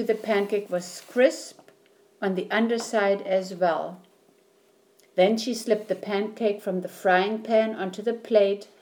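A woman reading a children's story aloud, slowly and clearly. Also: medium pitch, darkish tone. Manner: slow, clear, deliberate reading.

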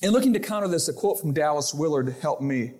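A man preaching a sermon to his congregation, lively, acting out the voices in his quotes and stories. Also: a little high, fast. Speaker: pastor. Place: church sanctuary.

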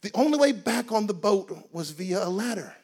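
A man preaching a sermon in a lively, comic storytelling way, with bursts of shouting. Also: high-pitched, normal speed, husky.

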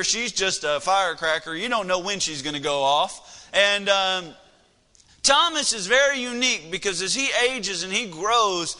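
High bright-voiced man preaching in reverberant hall. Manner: storytelling, conversational with frequent fillers. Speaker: pastor. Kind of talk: sermon. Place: church sanctuary. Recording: long reverb of a large hall.

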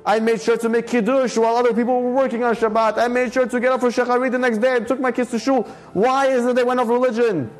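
A man's voice: very high-pitched, flat delivery, quick pace, few pauses, pitched above the performer's own voice. A man doing a weary, pleading father. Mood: aggrieved. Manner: pleading, self-justifying. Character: weary, aggrieved devout father complaining.

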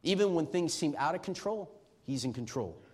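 A middle-aged man preaching a sermon as pastor, emphatic and swinging from shouting to hushed tones. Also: fairly high pitch, expressive, moderate pace, slightly rough.

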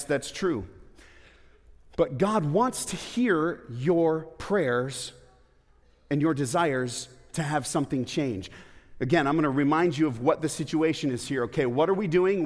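Man preaching in an echoing hall. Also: fairly high pitch. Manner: conversational preaching with rhetorical questions and playful asides. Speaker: pastor. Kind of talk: sermon. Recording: long hall reverb.

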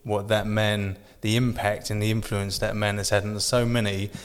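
A male podcast host talks casually in a low, flat voice, circling his point with restarts and fillers. The sound has a long reverb, as if the room is large. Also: moderate pace, clear, resonant tone. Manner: rambling, many restarts and fillers, warm praise. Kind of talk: casual chat.

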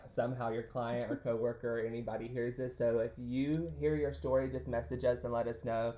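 A Southern American man co-hosting a relaxed chat show, reading stories out loud in an animated way. He is from Alabama, and his pitch sits right in the middle. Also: brisk, echoey room. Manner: animated storyteller, playful voices for quotes. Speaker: podcast co-host, hairstylist.

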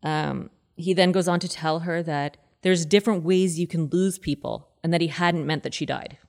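A woman in her thirties hosting a podcast, telling a true-crime story in a casual, chatty and animated way. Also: moderate pace. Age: 30s. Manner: chatty, animated, acts out quoted people in a higher voice. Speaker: podcast host.

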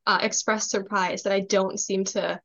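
Young woman from minnesota chatting on a podcast, friendly and even, bit of a dull lo-fi sound. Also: mid-range voice, moderate pace. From Minnesota, USA. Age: 20s. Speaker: guest, government relations assistant. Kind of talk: casual podcast interview.

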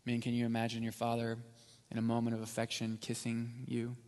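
A man preaching a sermon as pastor, rising to loud peaks and dropping to near whisper. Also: mid-range voice, completely flat delivery, brisk. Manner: builds from quiet to loud, then drops to near whisper. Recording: long hall reverb.

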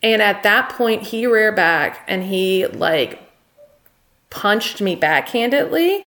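A woman's voice: mid-range voice, expressive, slow, fairly bright tone. Candid young woman recounting her story. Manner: candid and plainspoken, recounting events. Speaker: interview guest. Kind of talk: personal storytelling in an interview.

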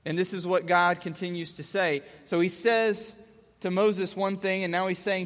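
High-voiced man teaching the Bible. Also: flat delivery, moderate pace, a bit bright, in a large hall. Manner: casual, asks rhetorical questions, restates points in plain words.

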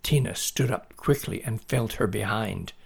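A male storyteller reading a children's tale aloud, taking his time over each sentence. His voice is gravelly with plenty of creak, and his pitch sits in the middle range. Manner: slow, deliberate storybook reading.

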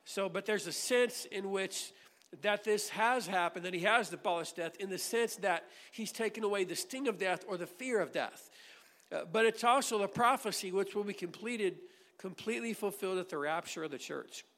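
A man with a high voice preaches a sermon, earnest and given to repeating himself as he reads and explains scripture. His words ring with a long reverb, as in a church hall. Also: normal speed, fairly bright tone. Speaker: pastor.

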